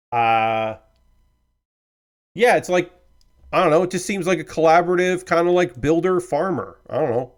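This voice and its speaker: A man hosting a live stream in casual chat, rambling and hedging, easygoing and apologetic, swearing now and then. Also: a little high. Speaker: streamer host.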